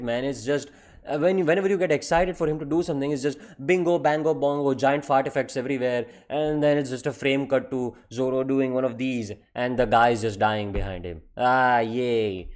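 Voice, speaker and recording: Man, middle pitch, fast-talking exasperated ranter, heavy swearing, emphatic. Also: darkish tone. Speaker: anime commentary creator. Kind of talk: comedic rant.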